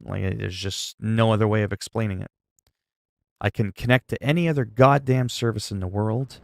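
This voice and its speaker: A man's voice: lowish voice, steady tone, moderate pace, creaky, no room sound. A man livestreaming from his computer, venting in a frustrated, sarcastic way during casual stream chat.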